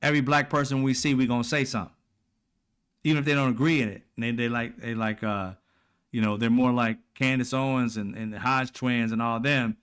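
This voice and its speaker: A man's voice: mid-range voice, steady tone, brisk, fairly bright tone, clean tone. A man, giving blunt, profane, heated political commentary as a host in casual speech.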